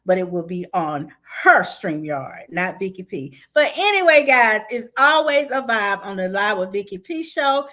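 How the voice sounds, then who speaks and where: Woman livestream host, hype-girl energy, bright and animated, slightly high voice. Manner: lively, hype, chatty with the audience. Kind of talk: casual livestream chat and event promotion. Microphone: video call style stream mic.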